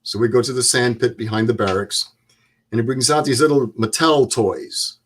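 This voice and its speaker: A man in his seventies, a guest, telling stories in a plain-spoken, measured way. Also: medium pitch. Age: 70s. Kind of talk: storytelling interview.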